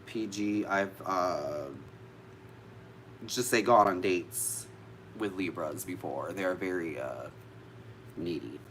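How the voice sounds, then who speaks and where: A man's voice: low voice, slow pace, pauses often, a bit bright, a little hiss or hum. A man vlogging casually to live viewers about witchcraft, chatty and easily sidetracked, swearing now and then.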